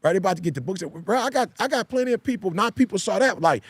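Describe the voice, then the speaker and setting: A man's voice: sits high, very animated, fast, few pauses, breathy edge, dry recording. A man who is a pastor and podcast host, talking in a casual discussion with an emphatic, repetitive preaching cadence. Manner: emphatic, repeats key phrases like a preacher.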